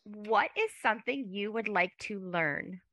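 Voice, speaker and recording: A woman's voice: mid-range voice, measured pace, a bit bright, dry recording. A woman hosting a casual interview and asking questions in an upbeat way. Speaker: interview host.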